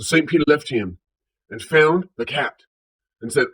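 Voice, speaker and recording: This Southern US storyteller sounds animated, with a medium-pitched, fairly bright, breathy voice at normal speed. He tells jokes and funny stories casually, playfully imitating sounds such as purring.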